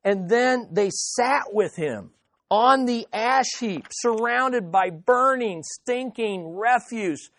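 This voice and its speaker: A man preaching a sermon as pastor, speaking directly to the listeners and emphatically repeating his key phrases, swinging between loud and hushed. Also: very high voice, expressive, takes it slowly, no room sound.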